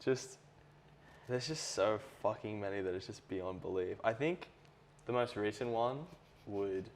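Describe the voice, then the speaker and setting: A man's voice: on the low side, a little slow, a little hiss or hum. A young Australian man chatting casually as an interview guest, laid-back, laughing often and swearing freely. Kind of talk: casual chat.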